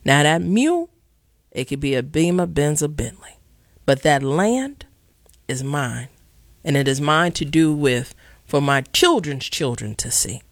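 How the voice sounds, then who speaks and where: A man hosts a radio call-in show from the studio, his fairly high voice rough and gravelly. He speaks with impassioned, preacherly emphasis and leans hard on slow, deliberate stresses. The sound is dry and close. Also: animated, no room sound. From Chicago. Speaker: radio talk show host.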